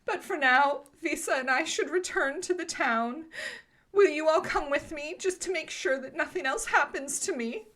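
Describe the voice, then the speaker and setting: Woman putting on a high, dramatic young noblewoman. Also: moderate pace, fairly bright tone. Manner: melodramatic, self-important.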